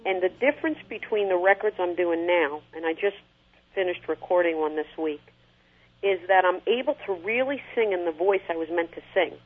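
A middle-aged woman with a husky voice, an interview guest talking animatedly about her singing and sometimes singing short phrases. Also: fairly low pitch, moderate pace. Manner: animated, sings short snippets to illustrate. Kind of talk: conversational interview. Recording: tinny phone-like line.

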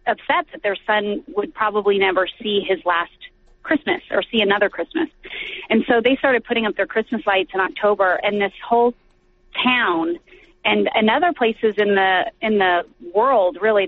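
A woman's voice: mid-range voice, slight background noise. A woman guest actress chatting casually in an interview, giggly and talkative. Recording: tinny phone line.

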